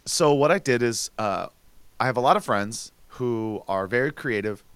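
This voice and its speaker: A man co-hosting a podcast, chatting casually and telling his plans with animated restarts. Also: medium pitch, moderate pace, smooth, no echo. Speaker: podcast co-host. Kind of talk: casual chat.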